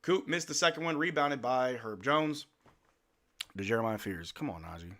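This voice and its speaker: A man hosting a live game watch-along, calling the plays in casual slang and shouting at the players. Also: medium pitch, moderate pace. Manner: animated, slangy, yells at players. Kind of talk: excited play-by-play fan commentary.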